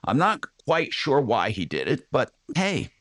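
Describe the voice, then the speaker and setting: A man's voice: mid-range voice, huge pitch swings, a little slow, a bit bright, no echo, clean studio sound. An older man hosting a radio talk show, rambling through opinionated remarks with many restarts.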